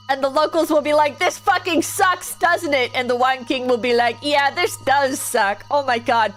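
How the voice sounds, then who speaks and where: A woman streamer chatting casually while gaming, telling a rambling story full of "like" and restarts. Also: sits high.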